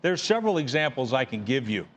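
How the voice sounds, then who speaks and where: A man's voice: medium pitch, very animated, fast, fairly bright tone, lo-fi sound. Blunt, emphatic male analyst. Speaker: studio analyst. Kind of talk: opinionated studio commentary.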